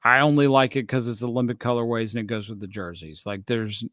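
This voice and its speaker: A man co-hosting a casual sneaker podcast, talking in an animated, exasperated rant. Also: medium pitch, quick pace, no room sound. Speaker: podcast co-host.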